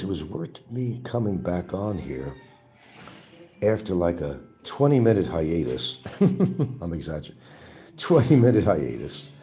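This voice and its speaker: A man's voice: low-pitched, warm tone. A man hosting his own show, delivering an angry, profane and mocking monologue. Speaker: livestream host. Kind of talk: ranting political monologue.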